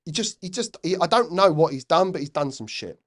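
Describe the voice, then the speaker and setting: A young man, chatting as a podcast guest, an animated storyteller who swears freely. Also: on the high side, a little fast. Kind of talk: casual chat.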